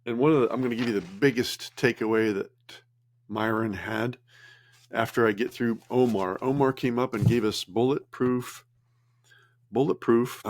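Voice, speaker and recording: Gravelly man rambling through notes. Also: on the low side. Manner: rambling, self-correcting, chatty. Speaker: business vlogger. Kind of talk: casual screen-share recap.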